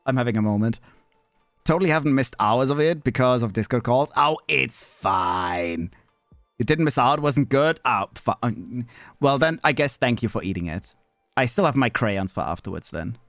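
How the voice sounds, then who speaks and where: Man, streamer, casual chat, animated pitch, profane, faint music underneath. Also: normal speed, no room sound. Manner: rambling and profane, jumping into squeaky high bits.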